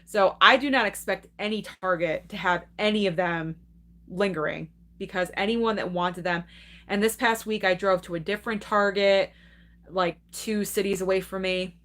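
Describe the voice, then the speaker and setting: A woman's voice: on the low side, steady tone, moderate pace, a bit bright. Chatty woman hosting a live stream. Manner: chatty and enthusiastic, laughs often, reacts to chat. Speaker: host of a live movie channel stream. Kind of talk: casual live-stream chat reading viewer comments.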